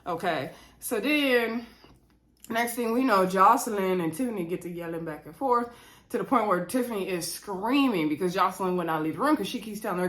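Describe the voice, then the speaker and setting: A woman's voice: mid-range voice, animated, brisk, a bit bright. Chatty woman recapping reality TV. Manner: chatty, laughs often, acts out quotes. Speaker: recap vlogger. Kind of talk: casual reality-show recap.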